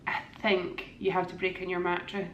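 A woman's voice: fairly low pitch, level tone, normal speed, fairly bright tone, lo-fi sound, a little hiss or hum. A woman with a Scottish accent, chatting enthusiastically to a handheld camera in a hotel room. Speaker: vlogger. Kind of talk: casual vlog chat. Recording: echoey room.

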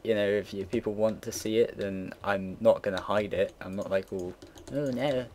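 This low-voiced young man, in his late teens, narrates a game build on his computer in casual commentary with a level tone and moderate pace. He drifts between stories, easily sidetracked, loses his thread, and swears casually. Soft keyboard typing and mouse clicks sit behind a faint hiss beneath his voice.

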